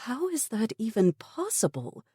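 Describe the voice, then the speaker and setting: Woman doing a desperate lady scientist, insistent, voice swings all over, husky and mellow. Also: on the high side, wildly swooping pitch, a little slow, dry recording, clean studio sound, pitched above the performer's own voice, exaggerated voice. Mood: pleading. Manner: insistent, pleading, rising to anger. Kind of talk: audiobook character voice.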